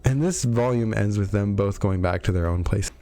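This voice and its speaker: A video host covering game lore casually walks through the story at a moderate pace, his voice on the low side and warm. He fills it with filler words and sardonic, wry jokes, and faint background music runs underneath.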